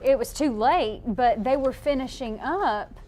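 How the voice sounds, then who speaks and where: A woman's voice: high-pitched, a little slow, warm tone. A woman co-hosting a live local TV shopping show, giggly and teasing her co-host. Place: TV studio.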